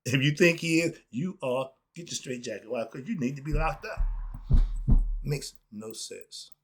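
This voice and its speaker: A man ranting on his own commentary show, emphatic and animated, asking rhetorical questions and swinging between loud outbursts and low mutters. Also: a little slow, a little hiss or hum. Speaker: commentary channel host. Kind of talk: unscripted solo rant.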